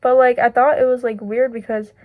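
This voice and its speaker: A woman's voice: fairly high pitch, level tone, fairly quick, no room sound, phone-quality sound. A young woman vlogger telling stories in a chatty, giggly way, with lots of "like", while doing her makeup at home. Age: young adult. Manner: chatty, giggly, filler-heavy "like". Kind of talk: casual storytelling chat.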